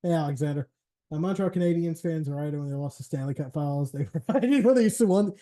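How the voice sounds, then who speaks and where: A man's voice: fairly high pitch, fast, warm tone. A man hosting a live stream, chatting casually and rambling, swearing freely and laughing often. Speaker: streamer host.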